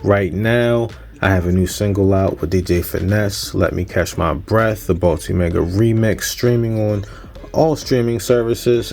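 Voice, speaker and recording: A fairly low-voiced man in his thirties talks through a casual unboxing vlog. He sounds upbeat and conversational, with a producer's easy chatter. Faint music plays quietly underneath. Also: gravelly. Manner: upbeat, chatty, plugs his channel and sponsor. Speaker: music producer and channel host.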